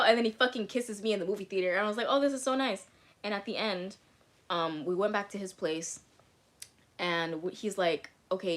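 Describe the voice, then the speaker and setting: Casting: young woman, candid storyteller, slightly low voice, salty language, filler-heavy. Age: young adult. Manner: frank, profane, many "like" fillers. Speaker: vlogger. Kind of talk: casual storytelling.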